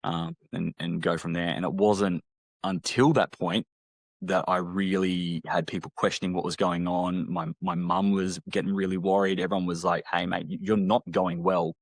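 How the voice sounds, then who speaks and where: Low-voiced man, halting and reflective. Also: level tone, dry recording. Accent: Australian. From Australia. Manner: halting, reflective, frequent restarts. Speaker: guest, former army medic. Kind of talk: candid interview talk.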